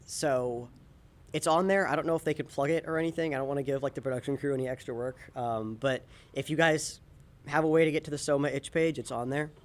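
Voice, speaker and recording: Fast and a little high, his intonation stays fairly even. This young adult student animator talks about his class game project on a panel in a relaxed way, sprinkling in plenty of ums.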